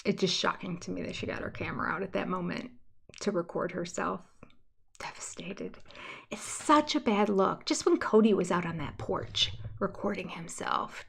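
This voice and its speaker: An older woman chatting on a livestream, reviewing a reality show in a gossipy, exasperated tone. She drops into soft, mocking whispers now and then. Her voice sits at an ordinary middle pitch. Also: vocal fry, breathy edge. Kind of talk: casual livestream commentary.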